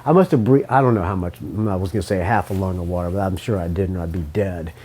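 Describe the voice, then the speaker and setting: This man's voice sits low and dark, slightly rough, and runs fast. Hosting a podcast, he tells a story in a casual, rambling way, swearing, self-correcting and coughing now and then with a lingering cough.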